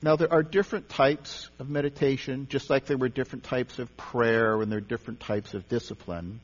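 A man's voice: medium pitch, fairly even intonation, a little fast. A man giving a conversational sermon in a church, often repeating words and restarting phrases as he teaches. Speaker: pastor or teacher leading a service. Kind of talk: sermon on meditation. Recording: dull lo-fi sound with long hall reverb and mains hum.

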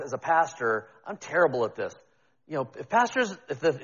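A man's voice: high voice, a bit bright, breathy edge, long reverb tail, muffled recording. A man preaching a sermon as pastor, talking in a conversational, self-deprecating way with frequent restarts.

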